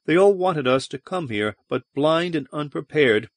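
A man's voice: on the high side, lively intonation, unhurried, no room sound, pitched above the performer's own voice. A man voicing a stern female starship commander who speaks in clipped, impatient, contemptuous tones in an audiobook. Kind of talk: audiobook character reading.

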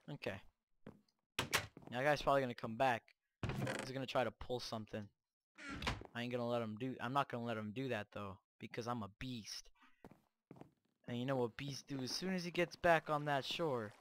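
A man hosting Minecraft gameplay commentary on a cheap microphone, excitable and boastful, trash-talking as he plays. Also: medium pitch, normal speed, long pauses, a little hiss or hum. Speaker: gaming channel host.

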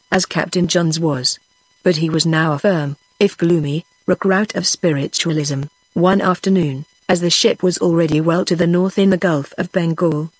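A synthetic woman's voice with a British English accent narrating an audiobook in steady, evenly paced text-to-speech reading. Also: fairly low pitch, breathy edge, no echo. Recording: dry synthetic studio voice.

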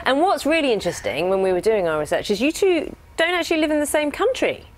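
A woman's voice: high-pitched, big pitch swings, fast, a crowd in the background. A woman presenting breakfast television, asking chatty, leading questions in a studio. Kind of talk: breakfast TV interview.

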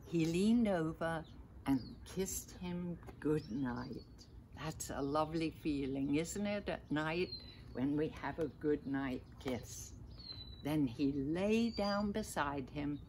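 Gentle grandmother reading aloud slowly. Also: deep voice, lively intonation, a little hiss or hum. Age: older. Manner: gentle, asks listeners little questions. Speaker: storyteller grandmother. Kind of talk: reading a picture book aloud to children.

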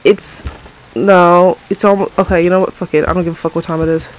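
A woman's voice: fairly low pitch, flat delivery, fairly quick, rough recording. A woman playing a horror game on her own microphone, panicking, swearing constantly and yelping in fright as she talks to her viewers. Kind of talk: let's play commentary. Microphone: own desk mic, moved back to avoid clipping.

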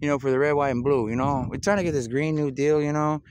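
A man's voice: fairly high pitch, steady tone, quick pace, darkish tone, slight background noise. A man talking in a rambling monologue over footage, drifting between topics with wordplay and filling his talk with "man" and "you know".

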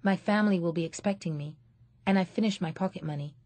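A woman's voice: medium pitch, moderate pace, darkish tone, no room sound, lightly acted. A woman reading an audiobook, voicing a polite, earnest young boy.

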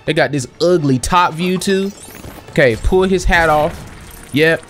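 A young man in casual let's-play commentary, excitable and slangy, talking to himself and his viewers while he plays, a little sniffly. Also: a little high, unhurried, faint music behind. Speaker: gaming channel host.

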